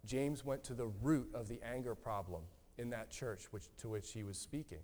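A man preaching a sermon in an earnest, gently emphatic way, often repeating his words. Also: medium pitch, normal speed. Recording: long hall reverb.

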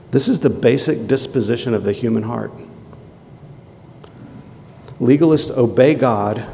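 A man preaching a sermon in a conversational way, with quick asides and emphatic rhetorical questions. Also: lowish voice, gravelly, darkish tone, a little hiss or hum. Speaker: pastor. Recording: long hall reverb.

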